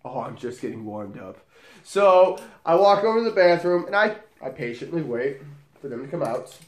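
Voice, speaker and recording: A man's voice: a little high, big pitch swings, normal speed, reverberant. A man who works as a bar bouncer, telling a story in a profane, dramatic way and acting out the dialogue. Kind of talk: storytelling vlog.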